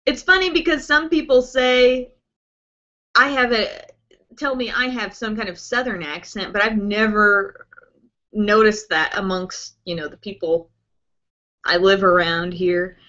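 Bright-voiced chatty woman vlogger. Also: mid-range voice, measured pace, muffled recording. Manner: chatty, rambling, with many fillers like "um" and "like". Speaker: beauty vlogger hosting a live broadcast. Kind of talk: casual chat answering viewer questions.

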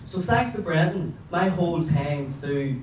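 A man with a Belfast accent doing a stand-up comedy set, rambling through crude stories and now and then breaking into loud shouts. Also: fairly high pitch, expressive, a little slow, reverberant, recorded from a distance, slight background noise, rough recording. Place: pub comedy room with a laughing audience.

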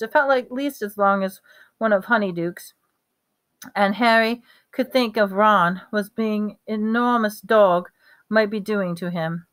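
A woman reading a novel aloud at a steady pace, now and then slipping on a word and re-reading it. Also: mid-range voice, smooth. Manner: steady reading with small slips and re-reads. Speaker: reader.

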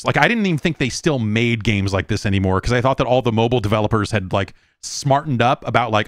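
A man's voice: medium pitch, lively intonation, quick pace, few pauses, dry recording, clean studio sound. Profane exasperated man ranting on a podcast. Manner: profane, exasperated, mocks in quoted voices. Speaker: podcast host. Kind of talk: casual podcast rant.

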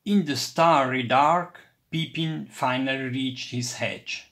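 A man reading a children's storybook aloud with expressive, unhurried storytelling. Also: medium pitch. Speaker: storybook reader.

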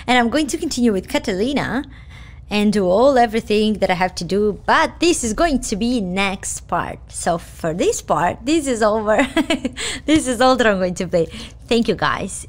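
Excitable woman gaming host. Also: medium pitch. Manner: excitable, gasping and laughing. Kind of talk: let's play commentary.

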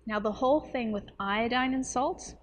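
A woman's voice: fairly high pitch, moderate pace. A woman who talks to camera in a chatty, explanatory way, with playful asides and a ready laugh, as a nutrition coach. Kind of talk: casual talk to camera.

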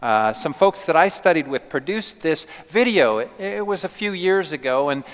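Playful pastor, smooth higher voice in a reverberant church. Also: male voice, normal speed. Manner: playful, animated storytelling. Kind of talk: sermon. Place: church sanctuary.

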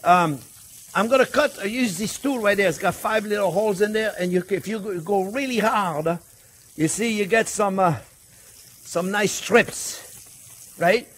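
Speaking a little slowly, this cooking show host has a high-pitched, fairly bright voice. The male chef jokes and chats through his kitchen demonstration, referring to viewers as friends, with the faint sizzle of a pan in the background.

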